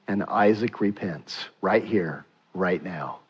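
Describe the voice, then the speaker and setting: A male pastor preaching a sermon, animated and asking rhetorical questions, slowing down for emphasis. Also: a little high, dull audio.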